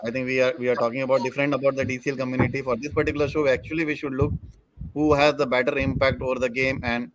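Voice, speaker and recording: A man's voice: medium pitch, level tone, very fast, noisy background. A man talking cricket as an analyst on a panel video call, earnest and prone to restarting his sentences. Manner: earnest, restarts sentences, non-native grammar.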